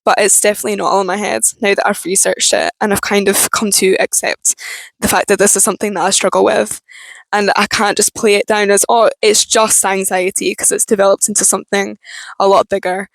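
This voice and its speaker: A young woman with a Scottish accent, talking frankly and haltingly in a personal vlog. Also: mid-range voice, flat delivery, gravelly, dry recording, low-quality recording. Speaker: vlogger.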